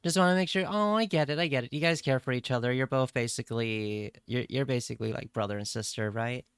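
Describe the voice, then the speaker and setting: A man's voice: medium pitch, fast, clean tone, dry recording, studio quality. A young man streaming, chatting casually and playfully with his viewers in a rambling way. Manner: rambling, playful, talks straight to chat. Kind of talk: casual livestream chat.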